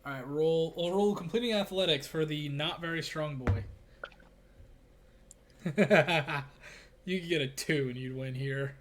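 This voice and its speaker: A man's voice: on the high side, measured pace, long pauses, slight background noise. A man narrating as game master in a casual, easygoing way.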